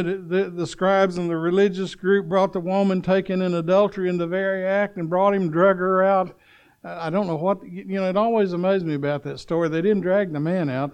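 A man preaching a sermon, swinging between loud urgent calls and hushed storytelling, asking the congregation if they are listening. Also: high-pitched, clear, resonant tone, muffled recording.

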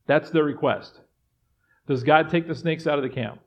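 A man preaching a sermon as pastor, moving between quiet reflective passages and loud acted-out voices of doubters. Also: fairly high pitch, fairly even intonation, fairly quick.

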